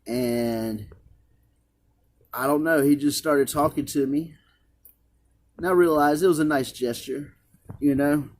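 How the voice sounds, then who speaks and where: Speaking slowly and with long pauses, a man whose voice sits on the high side shares a religious experience from his own life. He's a vlogger giving emotional personal testimony, earnest but rambling and repetitive.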